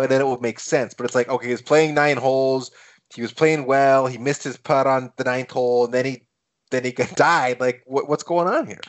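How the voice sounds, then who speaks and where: A man co-hosts a casual chat about a film. He talks in a relaxed, musing way. He often poses puzzled questions. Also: mid-range voice, moderate pace. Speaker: podcast co-host.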